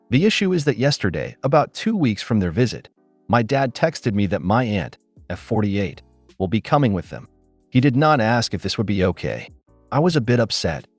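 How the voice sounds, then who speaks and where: Lively low-voiced male story narrator. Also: dry recording. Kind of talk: scripted narration of online posts. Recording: dry voice-over with faint music.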